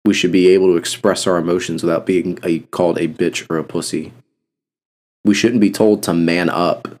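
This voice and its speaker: A man's voice: low-pitched, steady tone, normal speed, darkish tone. A young man hosting a solo podcast, talking bluntly and passionately with heavy cursing. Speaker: podcast host. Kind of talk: casual solo podcast talk.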